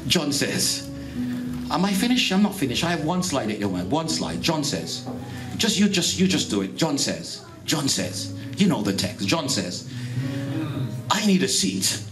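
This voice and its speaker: A Jamaican-born pastor preaches to his congregation in a church hall, emphatically repeating phrases and calling out to listeners. His fairly high voice is sing-song at a moderate pace, with music playing in the background.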